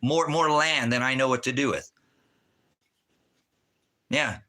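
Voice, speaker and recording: A man's voice: mid-range voice, slow pace, sharp tone. A middle-aged man ranting angrily from his rural home, swearing heavily as he preaches online. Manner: profane, fiery, heavy swearing. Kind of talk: angry ranting monologue.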